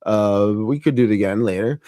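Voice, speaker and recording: A man's voice: lowish voice, a little fast, mellow, dry recording, studio quality. A man hosting a casual chat about films, rambling, often laughing, trailing off and restarting. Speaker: host.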